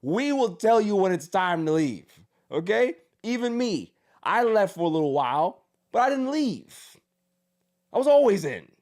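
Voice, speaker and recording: Male sports podcast host with a slightly high voice, animated, ranting and joking. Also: normal speed. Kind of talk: casual sports commentary.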